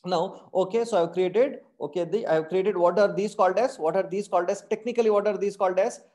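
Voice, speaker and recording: Indian English male coding tutor, online class; warm higher voice, keeps checking the class with repeated tag questions. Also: brisk. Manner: calls his class "my dear friends". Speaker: programming teacher.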